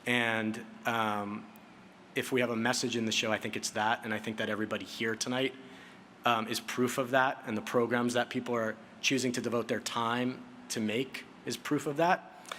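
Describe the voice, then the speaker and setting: A bright-voiced man in his late thirties speaks at a podium on an awards stage. He tells a heartfelt story, stumbling over fillers and restarting his sentences. A faint hiss of room noise sits behind him. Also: medium pitch, fairly even intonation, moderate pace. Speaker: award recipient giving a speech. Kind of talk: acceptance speech.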